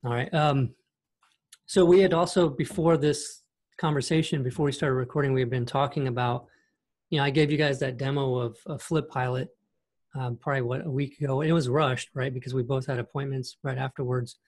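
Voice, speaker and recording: A male podcast host talking in a relaxed, conversational way, easing into his question with loose fillers. His voice sits at an average pitch for a man. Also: fairly quick. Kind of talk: casual interview talk.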